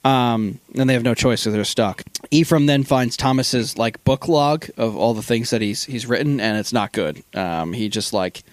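A man co-hosting a casual film review, retelling scenes with lots of fillers and quick acted-out quotes. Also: mid-range voice, no echo. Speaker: podcast co-host.

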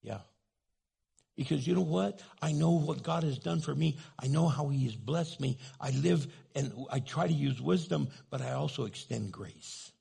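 A man preaching a sermon with a heavily gravelly, raspy voice. He tells stories on himself with a self-mocking tone and acts out short exchanges as he goes. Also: a little high, moderate pace, few pauses, mellow. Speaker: pastor.

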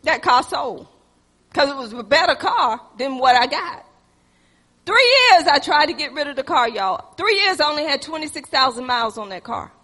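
A woman preaches in a high, bright voice, rising to loud exhortation and dropping to hushed storytelling. She calls her congregation "y'all." Her voice rings through a reverberant hall. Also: animated, normal speed. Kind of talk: sermon with personal storytelling.

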